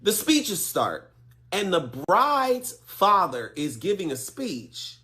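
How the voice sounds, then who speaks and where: A storyteller delivers a casual storytime with a highly animated pitch. The telling is dramatic, jumping into high voices to mimic people. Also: slow.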